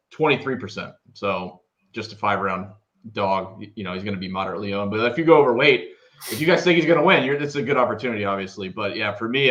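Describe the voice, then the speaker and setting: A man giving casual betting analysis, talking haltingly with hesitations. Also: fairly low pitch, sharp tone, muffled recording.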